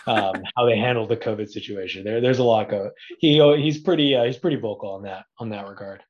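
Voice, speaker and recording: A man who is a podcast guest, talking sports in a relaxed, joking way. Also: lowish voice, brisk, muffled recording. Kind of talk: casual sports chat.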